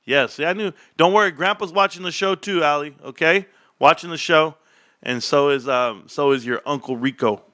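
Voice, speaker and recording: Excitable guy streamer chatting to his viewers, high voice, kinda sharp tone. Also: moderate pace. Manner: excitable, gives shout-outs to viewers. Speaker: livestream host. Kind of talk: casual livestream chat.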